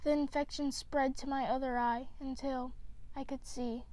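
A woman reading a children's picture book aloud, with gentle, expressive storytelling. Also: high voice, normal speed. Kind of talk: read-aloud storybook narration.

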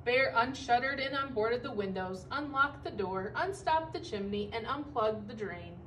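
A woman teacher reading a picture book aloud to children, expressive and stopping to comment on the pictures. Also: a little high, far from the mic, slight background noise, low-quality recording. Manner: expressive, pausing to comment for young listeners.

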